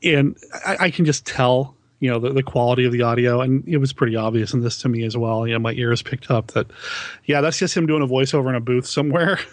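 A man's voice: medium pitch, quick pace, no room sound. A man co-hosting a podcast, chatting casually about films with a self-deprecating, laughing manner. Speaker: podcast co-host. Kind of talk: casual film discussion.

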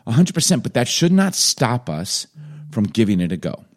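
With a mid-range voice that swings widely in pitch, a podcast co-host and dad spins loose stories at a moderate pace. The chat is casual, and he rambles, saying "like" constantly.

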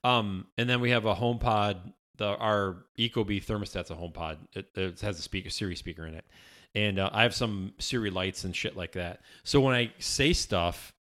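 A man with a somewhat low voice talks casually as a podcast co-host. He rambles, restarts his sentences and laughs often along the way. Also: moderate pace, fairly bright tone. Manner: rambling, self-interrupting, laughs easily. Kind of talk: casual chat.

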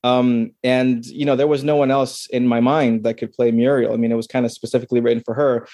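A man's voice: mid-range voice, little pitch movement, fairly quick, dark tone, dry recording, studio quality. A man, a filmmaker, answering interview questions casually over a video call, rambling with many restarts and fillers.

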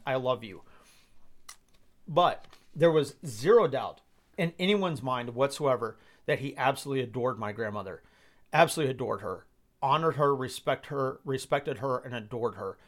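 A man in his thirties from Georgia hosting a live stream Q&A, answering in a reflective, hesitant way with many pauses and fillers. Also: mid-range voice. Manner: reflective, hesitant with many ums, gets emotional. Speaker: host.

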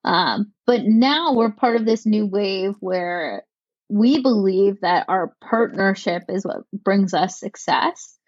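A woman co-founder answering interview questions in a measured, articulate way, with a touch of dry sarcasm. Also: mid-range voice, no echo, muffled recording. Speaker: company co-founder.

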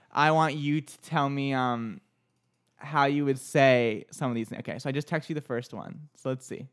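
A man's voice: fairly high pitch, clear, resonant tone. A young man hosting a radio show in a studio, chatting loosely with many fillers and stumbling over words as he reads entertainment news. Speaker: radio host. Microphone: studio microphone.

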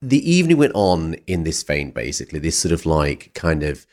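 The podcast host's voice is very deep and a little mellow, with big pitch swings at normal speed. In a casual storytelling interview, he rambles through an anecdote, hedging over and over with "sort of" and "like."

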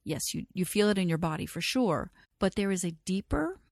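A woman teaching about aromatherapy in a gentle, reassuring talk, speaking straight to the listener. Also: fairly low pitch, animated, brisk, vocal fry, no room sound, studio quality.

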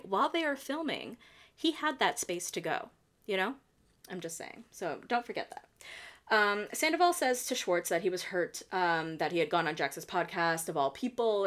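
A woman's voice: medium pitch, lively intonation, normal speed, a bit bright. A woman hosting a podcast, recapping a reality show in casual, opinionated chat with many "like" fillers. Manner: opinionated, chatty, heavy use of "like". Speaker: podcast host.

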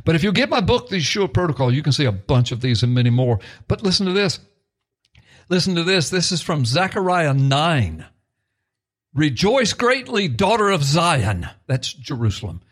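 A middle-aged male pastor teaching excitedly on a talk show, reading scripture aloud with rising emphasis. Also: on the high side, a little fast.

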